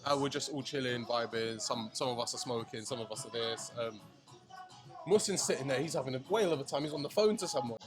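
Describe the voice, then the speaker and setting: A young man, telling a night-out story in casual podcast chat, animated, slangy and swearing. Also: mid-range voice, quick pace. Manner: animated, swearing, slangy, acts out friends' lines. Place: shisha lounge. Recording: music playing behind.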